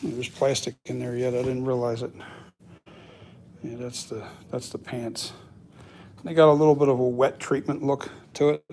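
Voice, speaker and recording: A man in an unscripted workshop vlog, sharing plans with his viewers in a loose, meandering way. His voice sits at an ordinary middle pitch, and he fills his pauses with uhs and ums as he works out his thoughts. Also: flat delivery, darkish tone, a little hiss or hum. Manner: rambling, thinks aloud with many fillers. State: has the hiccups. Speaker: costume and mask maker.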